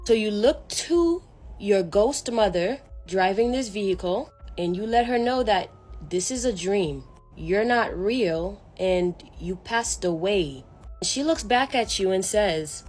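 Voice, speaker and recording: Woman storyteller vlogger, conversational spooky narration, mid-range voice, soft music bed. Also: mid-range voice. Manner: conversational, second-person narration with slang and fillers.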